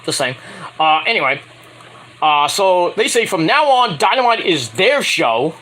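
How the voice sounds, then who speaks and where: A man's voice: high-pitched, a little slow. A man casually recapping a wrestling show in a rambling, profane way, acting out what the wrestlers said in mock voices. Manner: rambling, animated, acts out quotes in mock voices.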